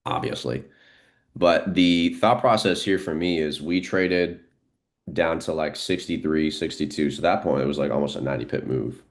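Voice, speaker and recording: A man giving live, unscripted market commentary as a trading streamer, thinking aloud in a relaxed way with frequent fillers. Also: rumbling low, normal speed.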